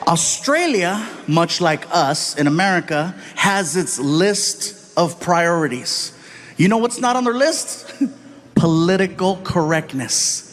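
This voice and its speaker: A man telling stand-up stories on stage in an animated way, acting out the people in them. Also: high voice, slow pace, noisy background. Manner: animated, jumps into voices for the people in his stories. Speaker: stand-up comedian. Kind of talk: stand-up storytelling. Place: large theater stage before a laughing audience.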